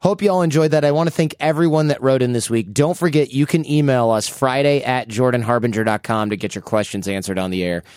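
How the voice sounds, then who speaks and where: A man's voice: medium pitch, quick pace, hardly any pauses, no echo. Chatty male podcast host, dry sound. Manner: chatty, animated storytelling. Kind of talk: casual podcast chat.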